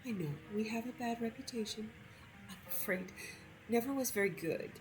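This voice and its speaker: A woman's voice: fairly high pitch, moderate pace, over music, pitched above the performer's own voice, lightly acted, poor audio. A woman voicing a big, motherly Nord woman who talks in a soothing, gushing way.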